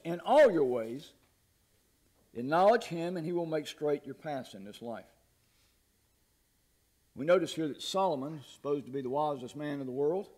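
A man's voice: a little high, a little mellow. A man preaching a sermon in a folksy storytelling way, laughing at his own jokes. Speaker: pastor.

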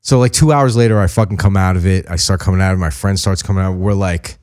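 A man's voice: sits low, quick pace. A man in casual chat, telling a wild story with lots of swearing and acted-out quotes. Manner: animated, profane, acts out quotes in voices.

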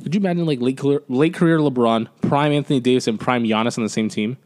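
A man co-hosting a podcast, chatting casually about basketball and swearing freely. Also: medium pitch. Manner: fast, animated, swears casually. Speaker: podcast co-host. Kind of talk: casual sports chat.

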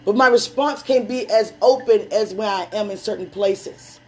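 A woman preaching with an easy, chatty warmth. She moves between personal stories and slow, deliberate prayer, in a mid-range voice, with faint music underneath. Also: medium pitch, husky. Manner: conversational, laughing asides, slows down for prayer. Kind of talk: sermon and prayer.

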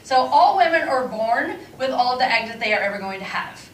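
A woman's voice: on the high side, animated, a little fast, background noise. A woman in her fifties doing a stand-up comedy set, brash and confessional, laughing through her punchlines. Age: 50s. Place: stage before a live audience. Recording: echoey room from far off, loud crowd.

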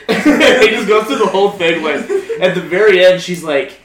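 A man's voice: high voice, normal speed, crowd noise. A young man chatting casually with friends, telling crude stories with lots of laughter and acting out the voices in them. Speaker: friend in group chat. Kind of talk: casual chat. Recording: roomy echo, distant mic, faint ambience.

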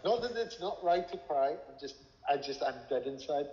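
A man's voice: fairly high pitch, animated, moderate pace, dark tone. A man telling a personal story as an interview guest, rambling, swearing and full of filler words. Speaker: interview guest, former music manager. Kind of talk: casual storytelling. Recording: echoey room with long reverb, dull lo-fi sound.

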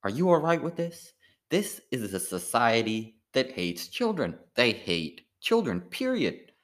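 A man's voice: mid-range voice, sing-song, fairly bright tone, voice pushed up. A man doing an impression of an indignant male TV pundit, drawn out and exaggerated. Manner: exaggerated, drawn-out, rising outrage.

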